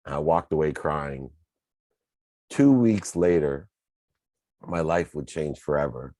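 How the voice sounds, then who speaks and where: A man's voice: a bass voice, lively intonation, slow, mellow, dry recording. A man telling his own life story in an earnest, emphatic motivational talk, building his points through repeated lists. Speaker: speaker sharing his personal story.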